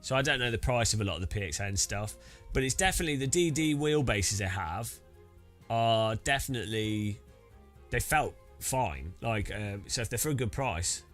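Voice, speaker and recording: A man's voice: on the low side, animated, normal speed, a bit bright, faint music behind. A British man chatting casually while setting up racing gear, rambling with many restarts. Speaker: sim racing streamer.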